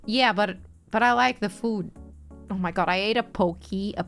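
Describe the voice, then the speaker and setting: A woman's voice: mid-range voice, moderate pace, vocal fry, a bit bright. A young woman streamer in a casual chat stream, reading chat and answering in a playful, teasing way, laughing often. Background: faint background music.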